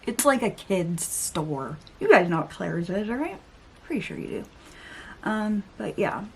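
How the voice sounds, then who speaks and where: A woman's voice: mid-range voice, sing-song, unhurried, slight background noise. A young adult woman vlogger telling a story in casual chitchat while getting ready, with exasperated asides and mild swearing. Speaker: beauty vlogger.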